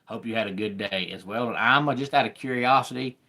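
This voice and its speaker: A man with a Southern accent hosting a live sports talk stream, chatting with viewers in an unhurried way. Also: mid-range voice, pushed and bright. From American South. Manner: unhurried, greets viewers by name.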